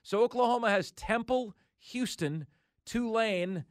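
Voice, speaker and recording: High-voiced emphatic sports radio host. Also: male voice, a little slow. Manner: emphatic, rattling off schedules with mock disbelief. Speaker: sports talk show host.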